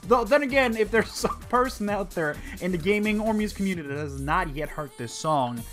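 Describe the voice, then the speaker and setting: A man hosting a let's play, rambling through excitable, sarcastic gameplay commentary. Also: high-pitched, brisk, hardly any pauses. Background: faint game music.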